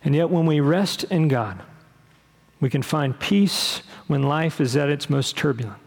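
A middle-aged man preaching a sermon as pastor, earnest and unhurried, often pausing with fillers and restarting his sentences. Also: fairly high pitch, vocal fry, big-room sound.

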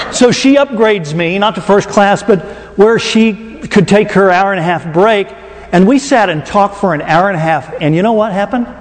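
Folksy Oklahoma preacher in a big hall. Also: male voice, high voice. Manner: folksy, conversational, jokes with the audience. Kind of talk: storytelling sermon. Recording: long reverb in a large hall.

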